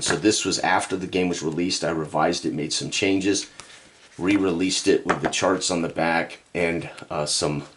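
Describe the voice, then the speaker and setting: Lower-voiced man calling a tabletop football game. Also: a little hiss or hum. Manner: chatty, breaks into casual asides about the rules; speeds up and lifts on big plays. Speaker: tabletop game designer and host. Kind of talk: solo play-by-play commentary of a tabletop football game.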